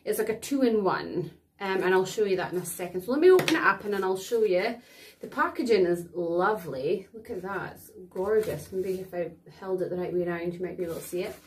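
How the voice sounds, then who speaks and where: A woman's voice: on the low side, a little fast, distant mic, a little hiss or hum. A woman with a Scottish accent chatting casually through a beauty product review as a vlogger. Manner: chatty, rambling, with fillers.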